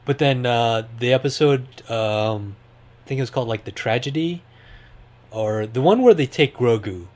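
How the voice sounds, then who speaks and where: Casual male podcast host, mid-pitched, rambling and upbeat, filler-heavy delivery. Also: animated, normal speed, darkish tone. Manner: rambling, lots of fillers, enthusiastic. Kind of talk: casual chat.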